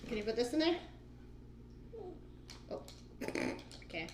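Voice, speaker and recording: Mulher paciente ensinando criança, cozinha ecoante. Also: female voice, fairly high pitch, big pitch swings, measured pace. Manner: patient, coaxing, asks simple questions. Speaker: cooking class teacher with her child. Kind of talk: home cooking demo video. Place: home kitchen. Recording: echoey room, faint noise.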